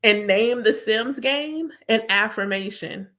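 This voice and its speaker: A woman's voice: a little high, slow, a bit bright. A woman who works as a spiritual reader, chatting casually with viewers in an emphatic way and repeating her points. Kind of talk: casual live chat to viewers.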